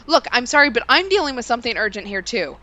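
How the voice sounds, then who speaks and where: A woman reading a game aloud and voicing an impatient man who snaps, speaking brightly with lively pitch. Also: exaggerated voice. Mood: snappish. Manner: sharp, exasperated, quick to snap. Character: brusque harried adult man, impatient, snappish.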